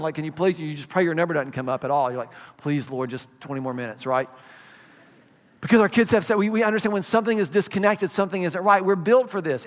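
A man preaches to his congregation in a loose, conversational sermon, often checking in with questions. His voice sits high for a man. The sound carries the long reverb of a big church hall. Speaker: pastor.

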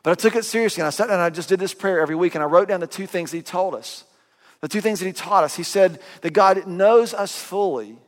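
A middle-aged man pastor giving a sermon, telling stories with self-mocking humor and voicing quick asides. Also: high-pitched. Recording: long reverb of a big hall.

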